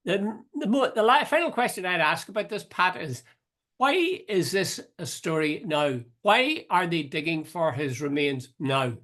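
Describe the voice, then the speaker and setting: A man's voice: high voice, lively intonation, moderate pace, a bit bright. An older man, hosting a casual political chat, wry and questioning, thinking aloud with frequent restarts. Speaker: host.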